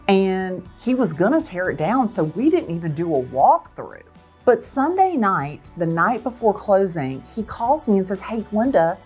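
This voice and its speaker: A woman who sells real estate, telling a dramatic story in an expressive way. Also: mid-range voice, husky. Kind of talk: animated storytelling.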